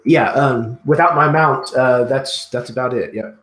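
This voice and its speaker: A man playing in a tabletop role-playing game, describing his character's actions in a measured way. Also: medium pitch, a bit bright, reverberant, rough recording. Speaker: player.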